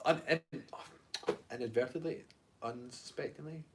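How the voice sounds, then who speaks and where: Give me a relaxed co-host talking in an everyday voice. He keeps bringing up movie references in easy back-and-forth chat. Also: medium pitch, normal speed, creaky, a little hiss or hum. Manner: explains at length, movie references, playful asides. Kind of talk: casual chat.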